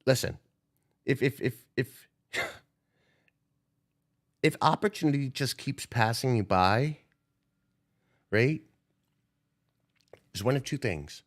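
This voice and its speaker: A man's voice: mid-range voice, expressive, slow pace, pauses often. A young man ranting on a stock trading livestream, profane and confrontational as he calls out viewers. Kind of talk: unscripted livestream rant.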